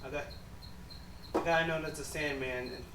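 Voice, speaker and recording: A man playing in a tabletop game, speaking in a hesitant, halting way. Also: on the high side, steady tone. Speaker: player. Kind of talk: casual tabletop play. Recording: echoey room, distant mic, background noise.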